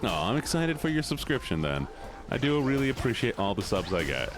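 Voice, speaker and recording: A man's voice: mid-range voice, sing-song, brisk, music in the background. A man streaming a video game, chatting playfully with his viewers in casual commentary. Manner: playful, banters with chat, drops into silly voices.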